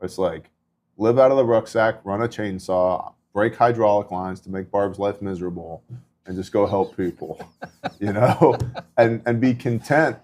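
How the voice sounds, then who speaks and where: The voice is fairly low and darkish, a little slow. A middle-aged podcast host and disaster relief volunteer recounts relief work in a casual faith talk, earnest and conversational, drifting into many asides.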